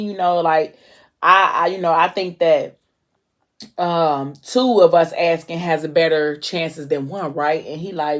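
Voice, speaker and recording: A woman's voice: low voice, steady tone, a little slow. A woman vlogger casually retelling a novel, talking loosely with lots of "like". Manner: casual, heavy use of filler "like".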